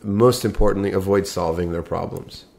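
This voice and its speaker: A middle-aged man co-hosting a podcast, calmly explaining ideas with step-by-step everyday examples. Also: deep voice, moderate pace, vocal fry. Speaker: podcast co-host. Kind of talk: casual podcast chat.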